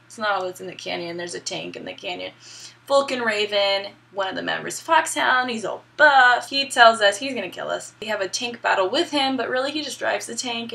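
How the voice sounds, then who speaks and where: A woman's voice: medium pitch, gravelly, sharp tone. A young woman recapping a video game story in a casual, irreverent way, with profane, laughing asides. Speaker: gaming vlogger.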